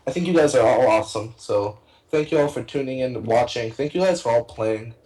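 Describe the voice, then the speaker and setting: Young male co-caster, casual and rambling, full of fillers, excitable. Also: medium pitch, a little fast, rough recording. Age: young adult. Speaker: tournament co-caster. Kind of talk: casual esports casting.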